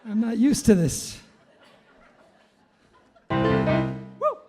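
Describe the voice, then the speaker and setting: High, gravelly-voiced man joking on stage. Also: expressive, normal speed. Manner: playful, self-mocking, loud asides. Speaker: performing musician. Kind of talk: joking stage banter and storytelling. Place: live concert stage with audience. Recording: live music behind the voice. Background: piano music.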